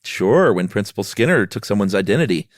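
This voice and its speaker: A man's voice: lowish voice, sing-song, brisk, no echo, clean studio sound. A middle-aged man co-hosting a podcast, laid-back and teasing, often laughing. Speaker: podcast co-host. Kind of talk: casual chat.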